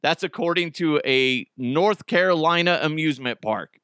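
A man hosting a podcast alone, chatting casually in an animated, profane, rambling way. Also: a little high, normal speed, smooth, no echo, clean studio sound. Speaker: podcast host. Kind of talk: casual solo podcast chat.

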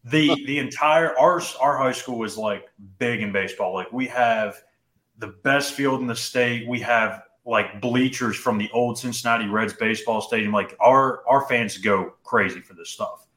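A young man co-hosting a podcast, telling a personal story in casual chat, animated and full of "dude" and "like". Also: medium pitch, normal speed, reverberant. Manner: animated, says "dude" and "like" often. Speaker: podcast co-host.

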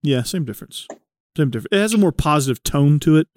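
A man's voice: on the high side, lively intonation, fast talker, darkish tone, a little hiss or hum. A man hosting a casual chat, explaining things at length with many fillers.

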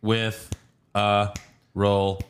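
A man's voice: lowish voice, completely flat delivery, extremely slow, a little hiss or hum. Laid-back Texan man recapping wrestling. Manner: laughs often, breaks into mock voices. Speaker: podcast co-host. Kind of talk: casual wrestling recap chat.

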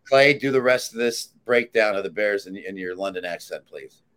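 Male handicapper, very low voice, emphatic and sure of his calls. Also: normal speed, fairly bright tone. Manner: assured, emphatic pick-maker. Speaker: sports handicapper, panelist. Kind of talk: casual sports talk.

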